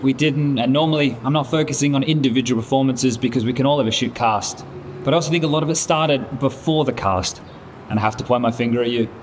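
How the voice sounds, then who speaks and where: A man's voice: mid-range voice, a little hiss or hum. A man playing an angry esports team lead scolding a colleague in a comedy sketch, swearing often.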